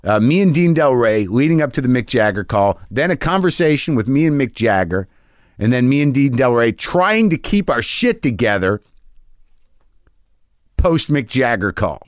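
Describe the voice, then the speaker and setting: A man talks in an ordinary, mid-range voice, rambling and profane as he tells an excited story. The sound is close and dry, with no room around it. He is the host, recording in his home garage studio. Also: medium pitch, normal speed, no room sound. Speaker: podcast host. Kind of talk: casual storytelling monologue.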